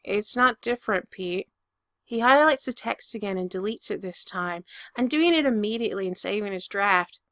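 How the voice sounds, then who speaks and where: A woman reading fiction aloud as narrator in an even, intimate storytelling manner. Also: mid-range voice, fairly quick, dry recording, studio quality.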